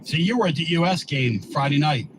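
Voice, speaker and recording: A man's voice: a little high, fairly quick, noisy background. A male sports talk radio host who talks in a blunt, emphatic, folksy way.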